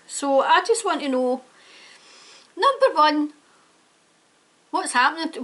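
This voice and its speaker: A woman's voice: sits high, expressive, takes it slowly, long pauses, a bit bright. A woman giving a tarot reading to camera, talking emphatically and indignantly and slipping into rants. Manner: emphatic, indignant, prone to ranting. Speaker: tarot reader.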